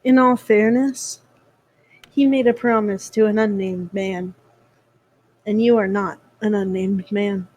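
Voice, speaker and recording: A woman's voice: medium pitch, fairly even intonation, takes it slowly, pauses often, darkish tone, lo-fi sound. A woman playing a blunt, cocky adventurer who speaks in a dry, mocking way in a tabletop game.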